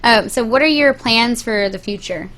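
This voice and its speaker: A woman's voice: fairly high pitch, normal speed, a bit bright, soft background music. A woman hosting a radio show, interviewing a guest in a chatty, teasing way and laughing often. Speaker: radio host. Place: radio studio.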